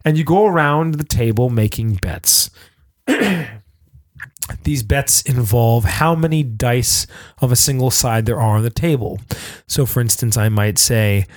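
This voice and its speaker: A man's voice: medium pitch, a little slow, no echo. Rambling male podcast host, dry sound. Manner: rambling, full of fillers and restarts. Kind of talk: casual chat explaining game rules.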